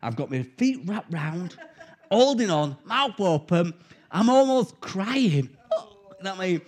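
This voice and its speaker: A middle-aged man, preaching a sermon and telling a personal story in an animated, conversational way. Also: high voice, measured pace.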